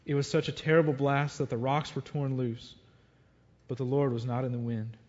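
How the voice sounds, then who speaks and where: A man preaching a sermon, earnestly reading scripture aloud and reflecting on it. His voice sits at an ordinary middle pitch. The recording sounds a little dull and lo-fi. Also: level tone, normal speed, a little mellow.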